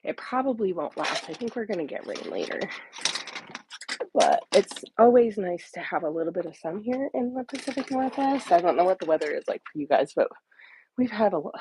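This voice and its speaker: A woman's voice: fairly low pitch, warm tone, a little hiss or hum, rough recording. A woman hosting a casual crafting livestream from home into a phone or tablet mic, rambling and dropping into half-whispered asides to herself. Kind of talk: casual live-stream chat.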